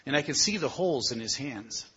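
A man's voice: medium pitch, animated, fairly quick, pushed and bright, breathy edge, lo-fi sound. A middle-aged man preaching a sermon, telling stories in a conversational way and asking the listeners questions. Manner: storytelling, conversational with rhetorical questions.

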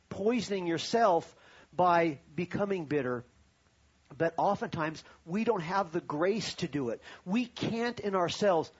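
A man's voice: high-pitched, animated, a little slow, slightly rough, lo-fi sound. A pastor preaching a sermon to his congregation, telling a personal story and then rising to fervent preaching.

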